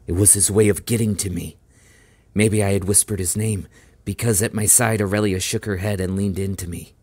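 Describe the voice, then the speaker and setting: A man reading a novel aloud as an audiobook, in a steady, measured first-person narration. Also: deep voice, no echo. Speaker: audiobook reader.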